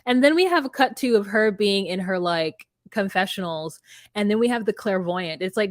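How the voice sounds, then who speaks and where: A woman's voice: medium pitch, lively intonation, normal speed, no room sound, clean studio sound. A woman co-hosting a casual reality TV recap, chatty and wry as she retells scenes. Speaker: podcast co-host.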